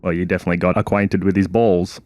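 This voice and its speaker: A man voicing a guarded male thief and marine, giving short, flat answers in character at a tabletop game. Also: sits low, fast, no echo, lightly acted.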